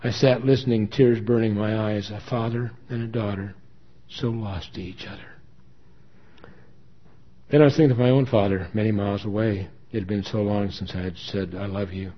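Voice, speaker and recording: Earnest male story narrator, low and husky; lo-fi recording. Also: fairly even intonation, normal speed. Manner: earnest, emotional reading. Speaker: story reader. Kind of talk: dramatic first-person story narration. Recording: dull lo-fi recording.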